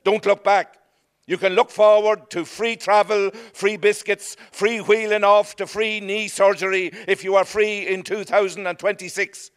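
An Irish man with a high, smooth, resonant voice delivers a comic speech. He speaks in a grand, mock-solemn way, like an ambassador addressing a crowd. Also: level tone, normal speed. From Ireland, Leitrim.

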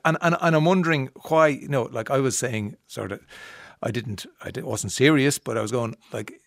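A man's voice: medium pitch, moderate pace, gravelly, dry recording, clean studio sound. A man from the Irish Midlands hosting an interview in a chatty, restart-filled way. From Ireland. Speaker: host. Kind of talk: casual interview chat.

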